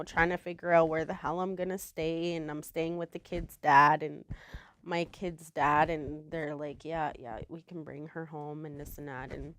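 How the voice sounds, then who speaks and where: Woman telling her own story, low voice, soft and halting, dry close sound. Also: clear, resonant tone, dry recording. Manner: halting, soft-spoken, many pauses and fillers. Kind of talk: personal testimony.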